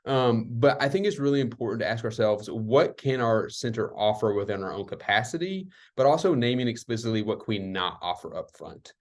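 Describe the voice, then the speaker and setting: A man's voice: medium pitch, animated, fairly quick, few pauses. A man speaking on an online community call, reflective and loose, with many fillers like "um" and "like". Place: worked at retreat centers.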